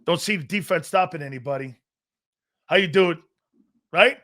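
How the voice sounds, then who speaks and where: A man's voice: on the high side, normal speed, pauses often, pushed and bright. Brash, profane sports talk man. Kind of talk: casual ranting livestream talk.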